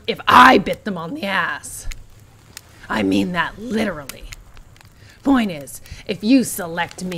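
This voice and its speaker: A woman's voice: fairly low pitch, bright, forceful tone, a little hiss or hum, exaggerated voice. A woman voicing a sly, menacing male killer. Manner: sarcastic, veiled threats. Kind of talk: reading a dating game aloud.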